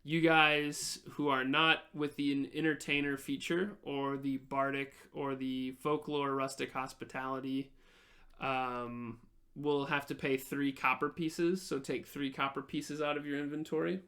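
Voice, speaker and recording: A man's voice: medium pitch, flat delivery, a little slow, bright, forceful tone. A man running a tabletop game as game master, narrating in a casual, rambling way with fillers.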